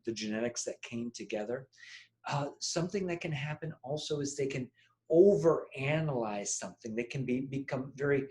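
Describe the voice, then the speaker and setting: A man with a medium-pitched, dark-toned voice leads a guided meditation workshop, playfully acting out phrases with voice changes. The recording is low quality with a roomy sound.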